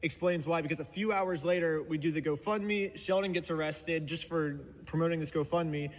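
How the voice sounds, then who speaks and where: A man's voice: fairly high pitch, long reverb tail, a little hiss or hum, low-quality recording. A man telling his side in casual chat, rambling and sarcastic. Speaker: video creator explaining his story.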